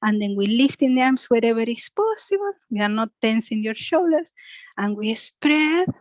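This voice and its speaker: Female yoga teacher, non-native speaker, soothing slow instructions with a tag "yeah?", fairly high voice. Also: lively intonation, dry recording, poor audio. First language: Spanish. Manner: soft, slow cues ending in "yeah?". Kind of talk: guided yoga class.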